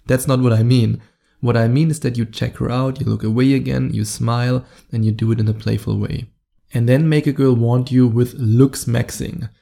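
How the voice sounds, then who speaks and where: German-accented male dating coach, solo podcast host, direct, mellow and gravelly in tone. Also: medium pitch, steady tone, normal speed. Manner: direct, coaching, addresses the listener.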